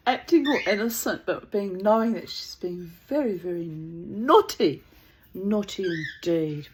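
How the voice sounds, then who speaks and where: A woman's voice: medium pitch, animated, a little slow, a little hiss or hum. A woman telling a rambling, digressive anecdote in casual chat, breaking into laughter often. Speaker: channel host.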